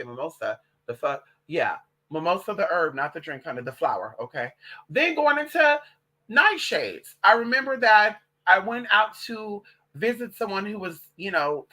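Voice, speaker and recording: A transgender woman vlogging in a casual monologue, sassy and profane, calling listeners honey and girl as she tells stories. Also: fairly low pitch. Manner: animated gossipy storytelling. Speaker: vlogger and witch.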